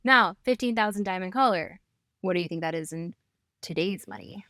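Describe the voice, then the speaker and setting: A woman's voice: fairly low pitch, expressive, brisk, pushed and bright, no echo, clean studio sound. A woman co-hosting a casual history podcast, telling stories with playful asides and laughs. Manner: giggly storyteller, playful asides. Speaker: podcast co-host.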